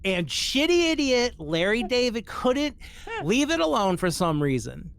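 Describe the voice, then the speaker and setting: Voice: medium pitch, sing-song, unhurried, vocal fry, smooth. A podcast host reading a social media post aloud and mocking it, swearing casually and laughing between lines.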